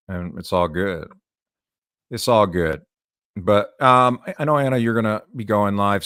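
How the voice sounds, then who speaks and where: A man's voice: sits low, fairly bright tone, no room sound, studio quality. A man hosting a casual livestream, loose and laughing, swearing freely. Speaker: streamer host.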